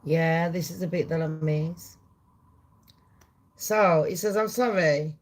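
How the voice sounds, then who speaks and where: A woman hosting a casual commentary vlog, talking bluntly and profanely in a chatty way, with loud excited bursts. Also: low-pitched, slow. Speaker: channel host.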